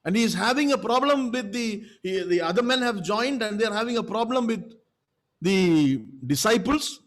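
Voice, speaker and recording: High-voiced pastor preaching emphatically. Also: male voice, expressive, moderate pace. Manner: emphatic, repetitive, with frequent rhetorical checks. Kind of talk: sermon.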